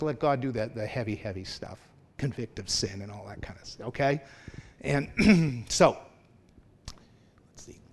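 A man's voice: medium pitch, lively intonation, unhurried, pauses often. Man, minister, conversational sermon, mid-range voice, asks the congregation questions. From Anglican family background.

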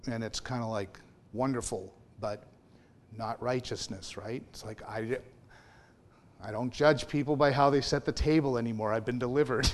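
A minister from an Anglican family background preaches a sermon conversationally, asking his congregation questions as he goes. His medium-pitched voice has fairly even intonation and a moderate pace.

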